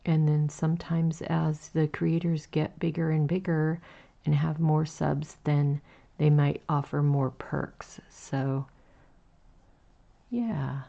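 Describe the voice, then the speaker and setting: A woman in her forties with a raspy, low morning voice, chatting slowly and gently with viewers while she crochets on a livestream. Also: flat delivery, muffled recording. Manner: slow, gentle, chatty with fillers, reading out chat. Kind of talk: casual chat while crocheting.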